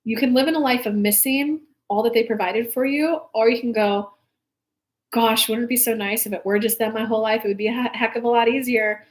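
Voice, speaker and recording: Young female spiritual coach, live-stream host, fairly high voice, loose and heartfelt, rambly. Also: steady tone, brisk. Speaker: spiritual coach hosting a live reading show. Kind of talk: casual talk to live viewers.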